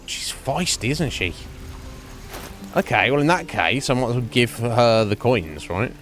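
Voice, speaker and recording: A man's voice: mid-range voice, animated, unhurried, a bit bright, faint music behind. A man streamer giving casual gameplay commentary, chatty, laughing often, with lots of fillers.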